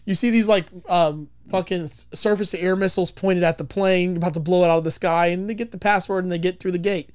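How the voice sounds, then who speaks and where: A man's voice: sits high, steady tone, quick pace, few pauses, clean tone. A man casually recapping a film as a podcast host, rambling, swearing and laughing as he goes. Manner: rambling, profane, laughs often. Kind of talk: casual chat.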